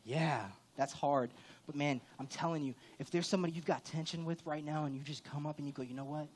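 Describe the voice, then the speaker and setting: A man delivers a church sermon in a frank, conversational tone. His voice sits a little high for a man. He leans into emphatic rises to drive his points home. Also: fairly even intonation, brisk. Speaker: pastor.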